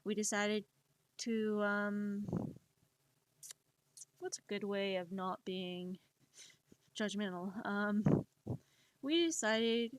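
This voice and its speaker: A woman's voice: mid-range voice, monotone, slow pace, long pauses, slight background noise. A woman streamer from the United States chatting casually while she draws, rambling and sarcastic with lots of fillers. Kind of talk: casual chat while drawing on a livestream.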